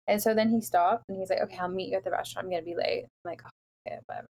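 A young woman from the Los Angeles area chatting casually, telling a dating story in an animated way with lots of "like" fillers. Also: mid-range voice, racing, a little hiss or hum. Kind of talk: casual chat.

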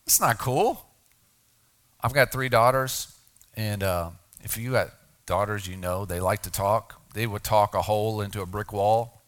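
A middle-aged man preaches a sermon in an easy, conversational way. His voice is bright and forward, and it drops quiet and deliberate when he lands a key point. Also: lowish voice, fairly even intonation. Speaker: pastor.

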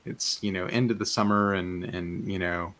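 A man's voice: sits low, steady tone, moderate pace, a bit bright. A man narrating a tabletop fantasy game as game master, in a meandering way with many fillers and restarts.

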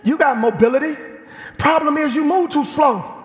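A man preaching a fiery sermon in a church, with an animated, shouting delivery. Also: extremely high pitch, normal speed. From Chicago. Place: church sanctuary. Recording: echoey church hall.

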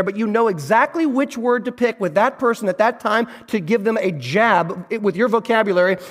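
A man preaching a sermon as pastor, earnest and emphatic, slowing down to stress key phrases. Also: extremely high pitch, in a large hall. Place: church sanctuary on a stage.

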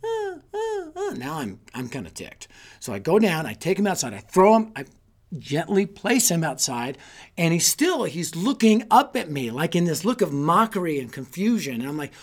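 A man giving an energetic, sermon-style talk to youth leaders, telling stories and rallying them with repeated calls. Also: on the high side, normal speed. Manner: energetic storytelling with repetition; exhorting, rallying listeners. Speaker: youth ministry speaker.

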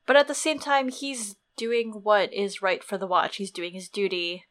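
Woman, podcast co-host, casual book chat, rambling, mid pitch. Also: fairly even intonation, normal speed, a bit bright. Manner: chatty, rambling, lots of fillers.

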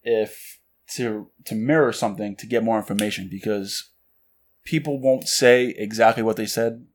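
Low-voiced casual man, filler-heavy chat. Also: moderate pace. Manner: relaxed, filler-heavy, acts out quoted lines. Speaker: podcast co-host. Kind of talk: casual chat about books.

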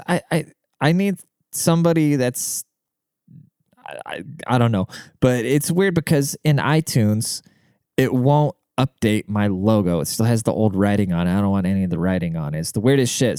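A man's voice: fairly low pitch, darkish tone, smooth, no echo, studio quality. A man hosting a podcast in a rambling, crude and profane casual monologue. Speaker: podcast host.

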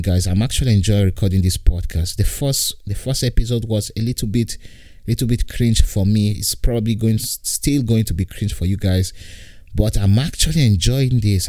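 Mellow laid-back man in his twenties. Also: lowish voice, no echo, clean studio sound. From Italy. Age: 20s. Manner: rambling, repetitive, laughs often. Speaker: podcast host and comedian. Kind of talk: casual podcast monologue. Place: at home, lying down.

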